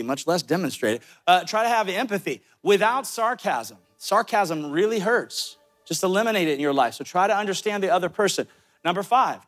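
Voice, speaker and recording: A man with a Southern US accent preaching a sermon, talking directly to his listeners with quick asides. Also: sits high, a bit bright. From American South. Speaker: pastor.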